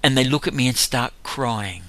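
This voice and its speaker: Bright-voiced older man telling stories. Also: mid-range voice. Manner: animated storytelling with laughs. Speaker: street evangelist. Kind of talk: testimony talk.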